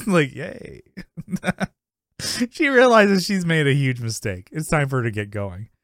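Here a man with a medium-pitched, slightly bright voice swings hugely in pitch at a normal speed. Co-hosting a podcast, he rambles casually through a sitcom episode recap, laughing a lot and performing the characters' lines, captured in a dry, clean studio recording.

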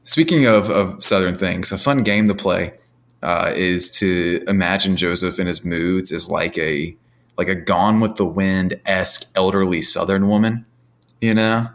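A man with a fairly low voice trades wry, joking banter as a podcast co-host. His delivery is loose and conversational. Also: fairly even intonation, unhurried. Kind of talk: casual sports podcast chat.

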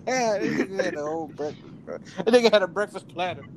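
A man co-hosting a casual podcast, reacting quickly and laughing along. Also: high-pitched, expressive, a little hiss or hum. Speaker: podcast co-host. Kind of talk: casual chat.

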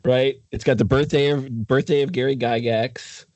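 A man hosting a casual interview, asking questions in a relaxed way with joking asides. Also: medium pitch, moderate pace, no room sound. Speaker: host.

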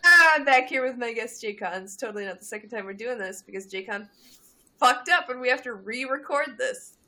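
Bright-voiced giggly woman podcast host. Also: a little high, animated, a little fast. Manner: giggly, crude teasing banter. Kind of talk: casual podcast chat.

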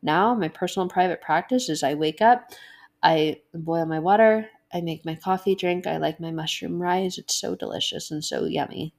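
A woman speaking casually about faith, animated, acting out little inner voices and laughing often. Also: lowish voice, gravelly. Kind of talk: casual devotional talk.

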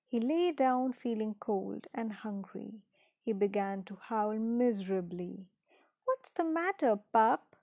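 A woman reading a children's story aloud in a gentle, unhurried way, dropping into soft whispered asides. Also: mid-range voice, no room sound.

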